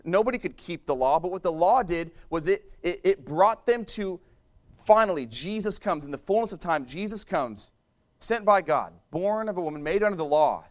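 A man's voice: sits high, animated, moderate pace. A man preaching a sermon in a conversational way, repeating and restarting phrases and turning to the congregation with asides.

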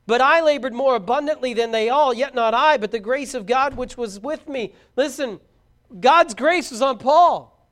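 Middle-aged guy preaching hard, real high voice, fervent, calls it out. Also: moderate pace. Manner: fervent, shouting out exhortations. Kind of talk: sermon.

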